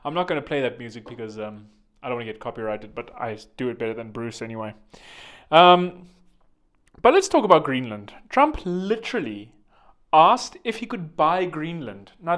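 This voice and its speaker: A man's voice: mid-range voice, very animated, moderate pace, fairly bright tone. A man hosting a vlog with rambling comedic commentary, joking and digressing, full of fillers. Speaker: vlog host.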